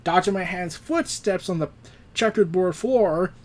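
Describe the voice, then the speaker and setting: A man's voice: sits high, normal speed. A man recapping a comic book issue in casual commentary, acting out the quotes and adding sarcastic asides. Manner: retells the plot, acts out quotes, adds sarcastic jokes.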